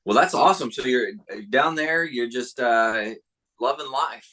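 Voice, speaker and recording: A male interviewer with a bright, forward tone and a mid-range voice. He keeps things casual, filling in with quick affirmations and easy follow-up questions. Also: mid-range voice. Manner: encouraging, short affirmations.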